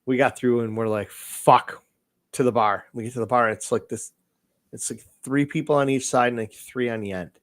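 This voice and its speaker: A man's voice: mid-range voice, fairly even intonation, fairly quick. A man co-hosting a casual live podcast, telling profane stories and acting out the people in them. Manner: profane storyteller, acts out voices in his anecdotes. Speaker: podcast co-host. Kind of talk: casual chat. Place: informal live podcast setup.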